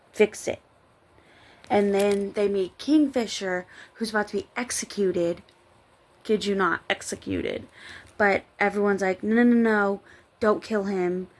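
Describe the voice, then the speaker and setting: A woman's voice: mid-range voice, steady tone, measured pace. A tired woman chatting casually late at night, rambling and giggling as she reviews a book. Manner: rambling, giggly, trails off and restarts. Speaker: book vlogger.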